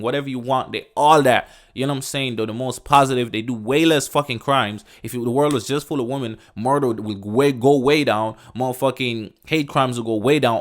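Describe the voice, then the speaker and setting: A man hosting a podcast, ranting in a loose, profane, emphatic way and sprinkling in "bro" and "you know what I'm saying". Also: medium pitch. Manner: loose, rambling, restarts sentences. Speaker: podcast host. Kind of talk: casual rant.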